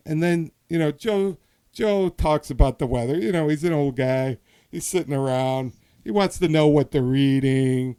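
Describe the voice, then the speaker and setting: A man's voice: fairly high pitch, normal speed, warm tone, smooth. A man hosting a podcast in casual chat, telling a hypothetical story with many restarts and asides. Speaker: podcast host.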